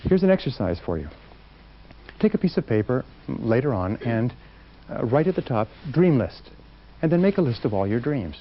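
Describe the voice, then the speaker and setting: A man's voice: medium pitch, big pitch swings, fairly quick. A man giving an emphatic motivational seminar talk to a live audience, acting out quotes as he goes. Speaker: motivational speaker. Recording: dull lo-fi recording.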